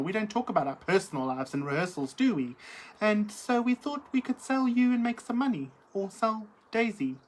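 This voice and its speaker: A middle-aged woman hosting a live chat, reading out viewer comments in a camp, theatrical, giggly manner. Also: lowish voice. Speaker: livestream host.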